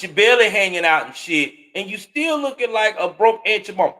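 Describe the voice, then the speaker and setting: Host, male, high-pitched, profane and scornful ranting with sudden loud spikes. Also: animated, moderate pace, few pauses. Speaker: commentary show host. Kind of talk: heated live reaction commentary.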